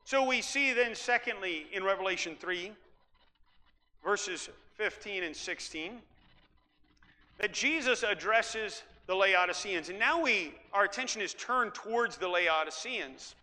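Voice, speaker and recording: A middle-aged man from Iowa preaching a sermon as pastor, emphatic and folksy, rising at times to shouts. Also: high voice, animated, unhurried. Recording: long hall reverb.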